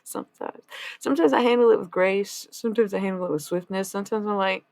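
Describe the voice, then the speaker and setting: A woman streamer chatting casually, rambling and swearing, swinging between loud and hushed. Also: medium pitch, steady tone, fast talker, gravelly. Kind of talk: casual live-stream chat.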